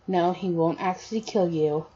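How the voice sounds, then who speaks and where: A woman's voice: on the low side, moderate pace, mellow, breathy edge. A woman voicing a cheerful young male hero student who talks in an easygoing, hesitant way with many fillers. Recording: dull lo-fi audio.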